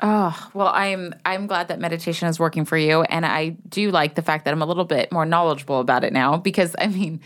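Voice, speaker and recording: Woman, lowish pitch, chatty podcast host, rambling and eager. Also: fairly quick, few pauses. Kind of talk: casual chat.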